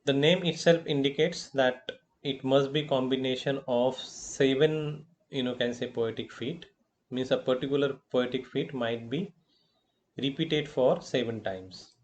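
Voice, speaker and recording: A male college professor with an Indian English accent giving a lecture, deliberate and halting, with fillers and self-corrections. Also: medium pitch, a little hiss or hum. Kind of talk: slow lecture on poetic meter.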